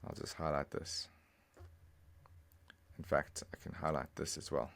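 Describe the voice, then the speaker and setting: A man teaching a language lesson over a screen recording, patiently explaining and repeating phrases slowly, step by step. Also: a bass voice, little pitch movement, vocal fry, fairly bright tone.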